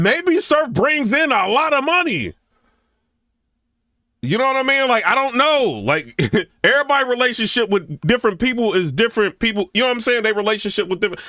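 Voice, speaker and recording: A middle-aged man gives casual reaction commentary. His voice sits high and swings widely in pitch, with a bright, sharp edge. The recording is dry and close. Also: no room sound. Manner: animated, chatty, repeats "you know what I'm saying".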